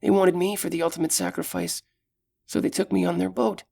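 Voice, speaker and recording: A man voicing a frightened but brave young female elf in an audiobook, speaking in urgent, hushed tones. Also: high-pitched, little pitch movement, a little fast, gravelly, pitched above the performer's own voice, full character voice. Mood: reflective. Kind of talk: audiobook character voice.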